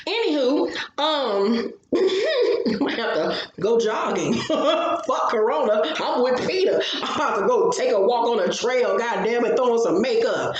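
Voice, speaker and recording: A woman hosting a casual gossip commentary, ranting loudly with heavy profanity. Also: fairly high pitch, very animated, slow pace, lo-fi sound. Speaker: gossip channel host. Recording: echoey room with faint noise.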